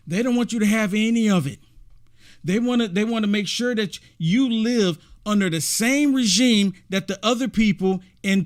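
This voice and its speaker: A man giving emphatic, repetitive reaction commentary on a video clip. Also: high-pitched.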